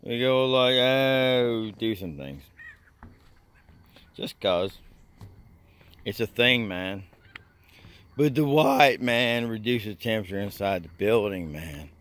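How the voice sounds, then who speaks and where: A man rambling through a casual vlog, drawling "man" and "oh God" constantly and jumping up to high excited squeals. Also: slow, long pauses. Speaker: vlogger.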